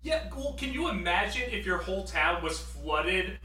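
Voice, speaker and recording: A man co-hosting a podcast, reacting in an animated, exclaiming way during casual chat. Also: high voice, normal speed, slight background noise. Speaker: podcast co-host. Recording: echoey, set back from the mic.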